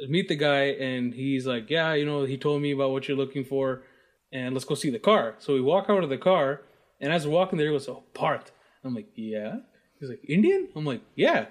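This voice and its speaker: A man's voice: mid-range voice, a little fast. A man co-hosting a podcast, from the US, telling a casual story full of laughter and swearing. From United States. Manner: laughs often, animated and profane anecdotes. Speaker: podcast co-host.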